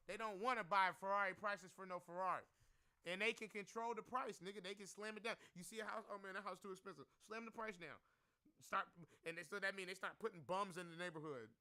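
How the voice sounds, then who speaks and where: A man's voice: sits high, bright, forceful tone, clear, resonant tone. A man giving rambling, profane, slang-heavy commentary as a stock market live-streamer.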